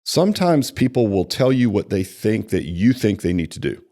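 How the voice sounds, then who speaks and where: A man giving conversational sales training, animated, acting out client dialogue and often checking in with "right?". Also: on the low side, normal speed. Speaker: personal training franchise executive.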